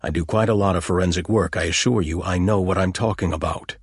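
A proud American anthropologist with a deep, husky voice, voiced by a male narrator. He sounds clipped and defensive, read close and dry. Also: quick pace, no room sound.

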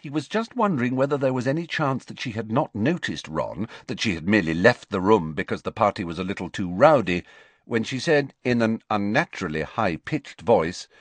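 A man reading an audiobook aloud as its narrator, expressive and measured in his storytelling. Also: on the low side, no room sound. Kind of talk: scripted narration.

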